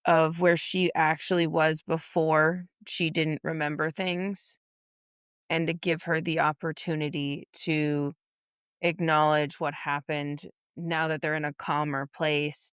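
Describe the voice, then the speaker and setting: A woman co-hosting a book podcast, speaking in a measured, thoughtful way and swearing casually. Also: deep voice, flat delivery, fairly bright tone, clear, resonant tone, no room sound, studio quality. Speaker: podcast co-host.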